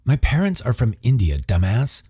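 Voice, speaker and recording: A man's voice: on the low side, expressive, moderate pace, dark tone, breathy edge, no echo, clean studio sound. A man voicing a confident, guarded teenage boy with a wry, matter-of-fact way of talking.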